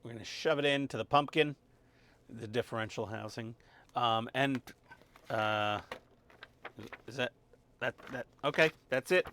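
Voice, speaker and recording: Hobby-channel host, male, mid-pitch; relaxed, wry, talks to himself through each step at the workbench. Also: unhurried, pauses often. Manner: chatty and wry, mutters step-by-step asides. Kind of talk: casual narration while assembling a model. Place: home workbench with a dog nearby.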